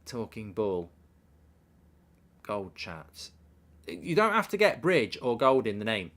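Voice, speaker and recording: A man's voice: fairly low pitch, very animated, slow pace, fairly bright tone. Rambling man hosting a football watchalong. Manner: rambling, self-mocking, riffs on ideas and reads out viewer messages. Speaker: host of a live football watchalong stream. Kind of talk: casual live commentary and chat reading.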